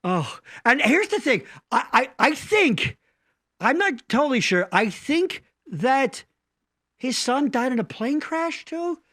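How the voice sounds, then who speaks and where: A man's voice: very high voice, big pitch swings, sharp tone, dry recording, clean studio sound. A man co-hosting a casual live stream, rambling, swearing a lot and laughing easily. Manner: profane, rambling, quick to laugh. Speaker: co-host.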